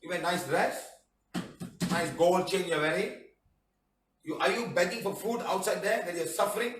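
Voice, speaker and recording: High-voiced man teaching in a roomy hall. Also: normal speed, noisy background. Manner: emphatic, repetitive, acts out phrases. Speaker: healing workshop teacher. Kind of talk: class lecture. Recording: roomy hall from a distant mic.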